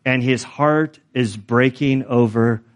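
Male pastor, mid-pitched, conversational sermon delivery with self-deprecating asides. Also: slow.

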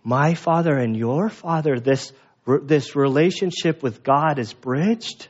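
A man preaching a sermon in a lively, animated way, acting out the voices of people in the story. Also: on the high side, slow, dull audio. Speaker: pastor.

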